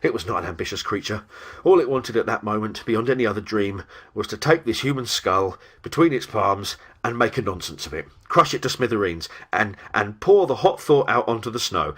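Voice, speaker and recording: A man's voice: fairly low pitch, brisk, slightly rough. A man narrating a horror tale in a dramatic audiobook reading. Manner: animated storytelling.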